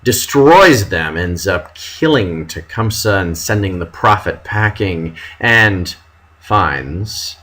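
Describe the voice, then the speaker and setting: A man teaching a history lesson, dramatic and animated, reading out period quotes with mock outrage. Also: on the low side, slow, poor audio. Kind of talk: classroom history lecture.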